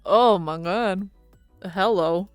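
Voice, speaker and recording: Female streamer, relaxed slow chatter, laughs a lot, casual cursing. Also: mid-range voice, no room sound, faint music behind. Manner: giggly, chatty, swears casually. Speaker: VTuber streamer. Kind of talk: casual stream chat with viewers.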